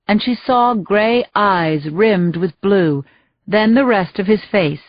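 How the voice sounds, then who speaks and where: A woman reading a thriller audiobook in measured, scripted narration. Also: medium pitch, dry recording, dull audio.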